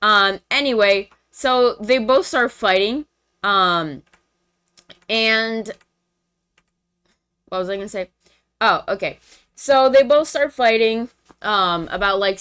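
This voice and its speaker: A woman's voice: medium pitch, slow pace, long pauses, fairly bright tone, clear, resonant tone. A young woman streamer casually recapping a movie plot for friends, chatty and full of fillers and slang.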